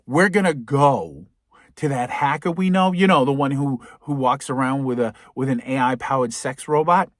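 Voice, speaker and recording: A man's voice: mid-range voice, normal speed, no echo, clean studio sound, pitched below the performer's own voice, close to an everyday voice. A man voicing a blunt, fed-up spaceship captain. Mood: determined. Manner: blunt, profane plan-making.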